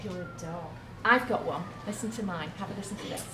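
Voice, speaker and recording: A woman's voice: lowish voice, a little fast, far from the mic. A British woman teacher leading young children through a sound game, encouraging them and making animal and buzzing noises, recorded from across a classroom. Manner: encouraging, drawn out, sound effects. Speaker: primary school teacher. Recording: echoey classroom from afar, noisy.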